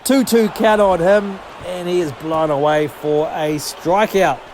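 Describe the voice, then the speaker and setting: A high-voiced man calls the action of his video game like a broadcaster, swearing freely and getting worked up over every play. A steady hum of background noise sits under his voice. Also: a little slow. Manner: excitable, sweary, jokey. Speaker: gaming channel host.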